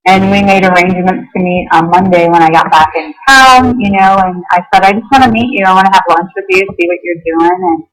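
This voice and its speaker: A woman's voice: on the low side, brisk, few pauses, fairly bright tone, low-quality recording. A woman talking as a guest on an internet radio show. She tells a personal story earnestly, acting out what she and others said and using many fillers like "you know" and "um".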